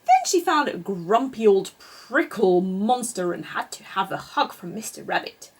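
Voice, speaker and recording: A woman reading a children's picture book aloud in an expressive, sing-song way. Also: mid-range voice, unhurried, breathy edge. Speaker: storyteller.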